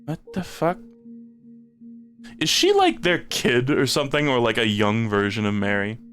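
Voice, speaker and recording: A man streaming a horror game, joking, swearing and reacting with lively excitement. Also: mid-range voice, moderate pace. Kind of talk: casual live game commentary. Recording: game music playing behind. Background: game soundtrack music.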